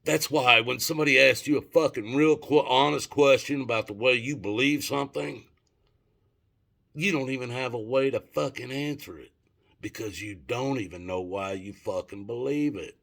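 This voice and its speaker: A man's voice: mid-range voice, moderate pace, gravelly, fairly bright tone. A middle-aged man telling a story and ranting to his viewers in a rambling, profane, casual way. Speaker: vlogger.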